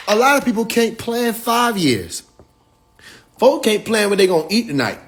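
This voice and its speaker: Man, high voice, livestream monologue, preachy, profane, bursts of speed then slow drawn-out words. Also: sing-song. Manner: loose, preachy and emphatic, profane slang, quick bursts and drawn-out pauses. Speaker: livestream host.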